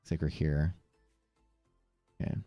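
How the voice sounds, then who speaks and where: A man's voice: extremely low pitch, flat delivery, a little slow, mellow, no room sound, faint music behind. A man with a Texas accent chatting casually on a live trading stream, rambling and reading viewer comments aloud. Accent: Texan.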